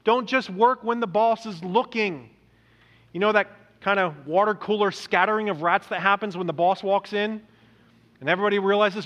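A man preaching a sermon as pastor, earnest, stumbling over repeated words and slowing down to stress quoted lines. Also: high-pitched, a bit bright. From Indonesia. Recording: dull lo-fi recording in a reverberant hall.

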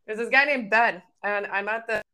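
A woman's voice: a little high, normal speed, bright, forceful tone. A young Canadian woman co-hosting a podcast, telling frank, profane stories in casual chat. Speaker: podcast co-host.

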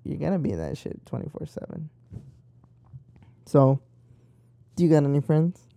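A man's voice: on the high side, big pitch swings, normal speed, gravelly, dark tone, no echo. A young man chatting casually, rambling and swearing freely as he tells stories. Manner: rambling, profane and talkative. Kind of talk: casual chat.

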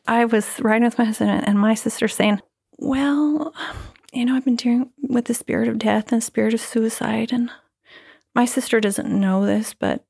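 A middle-aged woman sharing an emotional personal faith testimony as a guest, swinging from loud exclamations to breathy whispers. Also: a little high.

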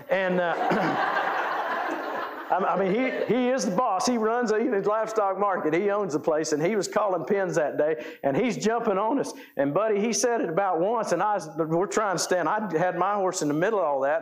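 A pastor in a church sanctuary preaches a sermon, weaving folksy ranch tales into his message. His voice is slightly high for a man, and he becomes lively and animated while acting out the scenes he recounts.

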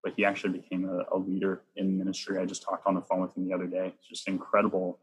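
A man who works as a Catholic youth minister, telling personal stories earnestly in a chatty way, sometimes rushing with excitement. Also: low voice, husky, low-quality recording. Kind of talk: personal storytelling in an interview.

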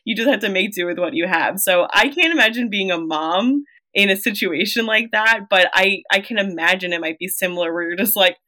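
A woman's voice: medium pitch, a little fast, hardly any pauses. A woman co-hosting a podcast, talking expressively in casual chat. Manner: expressive, laughs while talking. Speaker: podcast co-host.

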